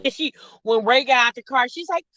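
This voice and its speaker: Reacting to reality TV on a casual chat stream, a sassy, chatty woman host addresses viewers as sis and y'all. She speaks briskly in a high voice with a sharp tone. The sound is dull, lo-fi and dry, with no room sound.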